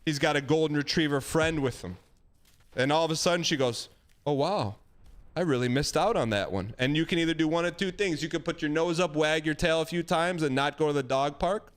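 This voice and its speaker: A man's voice: a little high, brisk, clear, resonant tone. A man hosting a live stream, giving a caller emphatic, folksy dating advice in a casual chat. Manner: animated, emphatic, folksy with dog metaphors.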